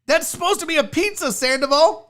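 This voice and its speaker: A woman's voice: high-pitched, brisk, fairly bright tone. A woman hosting a casual livestream chat, blunt, profane and mocking as she reacts. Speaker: sports show host.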